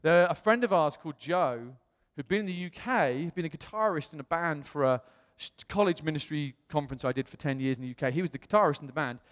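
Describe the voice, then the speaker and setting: A man preaching in a chatty storytelling manner, his voice sitting a little high. He slips into lively voices when he quotes people. The sound carries a long reverb from a large hall. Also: fast talker, few pauses. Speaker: pastor. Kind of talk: sermon.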